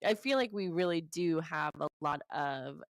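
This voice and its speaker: A woman's voice: low voice, expressive, moderate pace, dry recording. A woman co-hosting a real estate show, reading town facts in a chatty way with fillers. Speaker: real estate podcast co-host. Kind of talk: casual chat.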